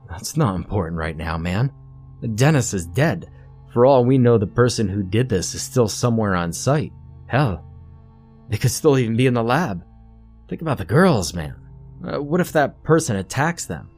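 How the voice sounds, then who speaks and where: A man's voice: fairly low pitch, lively intonation, slightly rough, faint music behind. Man playing an urgent, alarmed young man. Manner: urgent and rushed.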